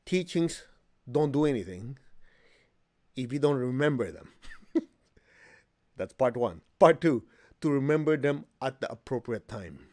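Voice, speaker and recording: Male meditation teacher, animated class talk, humorous and direct. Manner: animated storyteller, acts out quotes with high pitch jumps; plain-spoken, humorous, asks the class questions.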